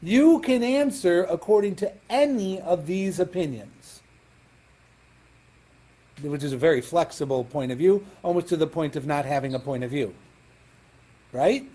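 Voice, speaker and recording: In a Talmud class, a rabbi explains every text methodically and confirms his students are with him, blending Hebrew and Aramaic terms into simple speech. He speaks a little slowly with long pauses, in a mellow voice pitched a bit high for a man.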